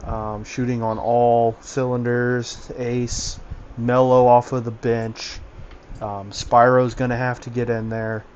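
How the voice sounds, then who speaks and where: A man's voice: mid-range voice, flat delivery, slow, a little mellow, muffled recording, a little hiss or hum. A man giving casual basketball analysis over voice chat, talkative and full of fillers. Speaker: basketball commentator.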